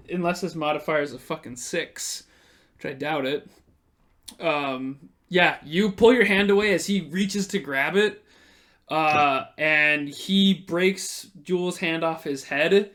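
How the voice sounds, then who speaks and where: A man narrating as game master of a tabletop game, in a slightly high voice. He talks casually, laughs often and swears freely. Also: a bit bright.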